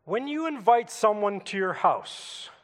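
A man's voice: sits high, very animated, a little slow, a bit bright, long reverb tail. A Canadian man preaching a sermon in a church, telling a personal story in a conversational way and asking the congregation questions. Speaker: pastor.

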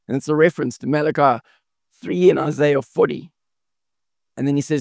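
A man's voice: mid-range voice, steady tone, a little fast, gravelly, a little mellow, dry recording, clean studio sound. A man preaching a sermon in an earnest way, often restarting and repeating words as he explains. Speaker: pastor.

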